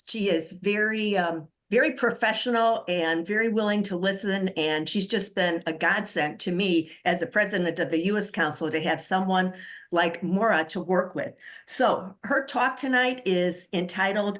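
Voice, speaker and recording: A woman's voice: mid-range voice, fairly bright tone. A woman hosting an online meeting, introducing the keynote speaker in a chatty, enthusiastic way with frequent ums. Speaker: host.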